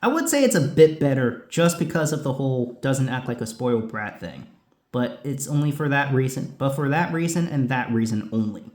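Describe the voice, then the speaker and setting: Guy host answering viewer questions, bouncy pitch, kinda echoey room. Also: moderate pace. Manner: lively, rambling, many asides. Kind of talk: casual chat. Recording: roomy echo.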